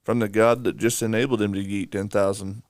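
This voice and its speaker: A man's voice: fairly low pitch, level tone, fairly quick, no echo. Dry-voiced man musing in casual talk. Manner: slangy, musing, questioning aloud. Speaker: podcast co-host. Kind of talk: casual Bible discussion.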